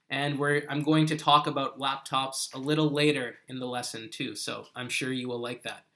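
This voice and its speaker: A man leads a live English lesson, speaking slowly and deliberately. His voice is bright and forward, sitting a little high for a man, and he walks students through their sentences with patience. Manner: patient, correcting viewer sentences from a chat. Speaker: English teacher.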